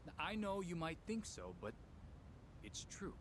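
A man's voice: on the high side, sing-song, unhurried, background noise. A man playing a casual, dismissive police sergeant in a video game, talking in an offhand, laid-back way.

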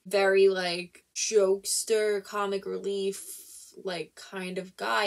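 Rambling woman with a vocal fry. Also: medium pitch. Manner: rambling, fills nearly every phrase with "like"; thinks aloud, restarts sentences often. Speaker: book reviewer. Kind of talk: casual spoiler book review.

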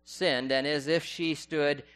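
A man's voice: on the high side, fairly even intonation, fairly bright tone, clean tone, faint music behind. Man preaching, quizzing his congregation. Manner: asks the congregation rhetorical questions; reads scripture and quotations aloud slowly. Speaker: pastor. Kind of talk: sermon.

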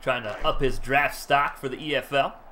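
A man casually commenting on his own football video game, bursting into loud shouts at big plays. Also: mid-range voice, normal speed, a little hiss or hum. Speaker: gaming YouTuber. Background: game music.

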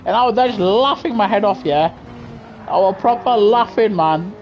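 A man with a high voice, giving excitable live commentary on a racing game, chatting with viewers and yelling as he gains places. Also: moderate pace, lo-fi sound, slight background noise. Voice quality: high-pitched voice. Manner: excitable, yelling at the race, laughing often. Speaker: gaming streamer.

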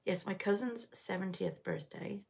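A woman's voice: medium pitch, huge pitch swings, moderate pace, a little mellow, husky. A middle-aged woman from Liverpool hosting a casual live stitch-along chat, rambling and answering viewers as she goes. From England, Liverpool area. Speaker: knitting channel host. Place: home.

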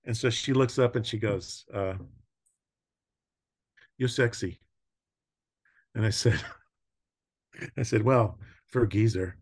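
An older man with a low voice chats easily as a podcast guest. He tells personal stories with frequent laughter and drifting pauses. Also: slightly rough. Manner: warm storytelling, laughing often, trailing pauses. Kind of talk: casual conversation.

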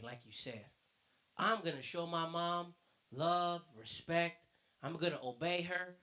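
A man's voice: on the high side, sharp tone. A man voicing an eager young nephew who earnestly agrees with his uncle in a church lesson skit.

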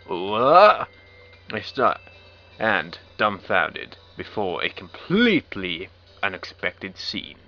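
A low-pitched man reads a visual novel slowly, his sharp tone swinging widely in pitch. As a let's play commentator he breaks in with wry, sarcastic asides, recorded in dull lo-fi quality with faint game music.

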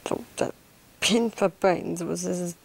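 A woman voicing a smug male cannibal mastermind in an amateur role-play monologue, slipping into soft whispers. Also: lowish voice, gravelly, husky, exaggerated voice. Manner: slow, drifting into soft whispers.

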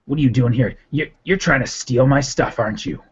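A man's voice: mid-range voice, brisk, slightly rough. A man voicing a paranoid, cursing male scavenger leader who snaps at strangers. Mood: suspicious. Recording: dull lo-fi audio.

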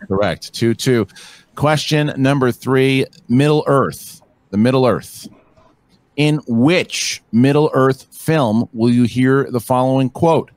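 A man acting as quizmaster, reading trivia questions and counting down in a measured way. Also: mid-range voice, a little mellow.

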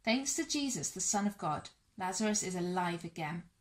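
A woman's voice: on the low side, lively intonation, normal speed, lightly acted. A woman voicing a villager among the mourners, with a wondering, slightly raised voice in a storybook reading. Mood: amazed.

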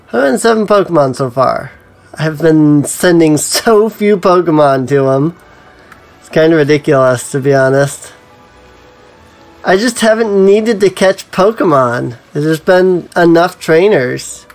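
Man, let's play commentary, thinking aloud, slightly high voice, slow and drawn out. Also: lively intonation, faint music behind. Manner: musing to himself with frequent ums. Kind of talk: casual gameplay commentary.

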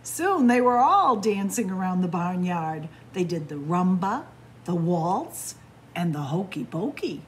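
A woman librarian reads a children's picture book aloud, slow and unhurried, with a voice that rises and falls playfully. Her manner is animated and inviting, with a faint hum of room noise behind her. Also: fairly low pitch.

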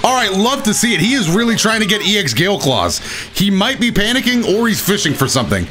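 Excitable young man commentating gameplay. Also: high-pitched, fast. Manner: excitable, talks to himself, laughs at his own mistakes. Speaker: gaming commentator.

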